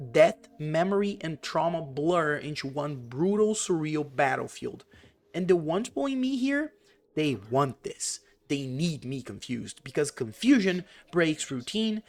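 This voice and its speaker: A man giving casual, excitable reaction commentary on a video game, swearing often and reading his own notes aloud. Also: on the high side. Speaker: gaming vlogger.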